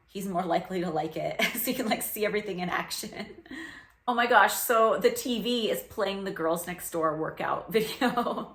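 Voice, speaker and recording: A woman's voice: on the low side, a bit bright. A woman hosting a casual reaction commentary on a reality show, telling stories in a chatty way with lots of "like" and easy laughter. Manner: chatty storytelling with frequent "like" fillers and laughter. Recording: roomy echo.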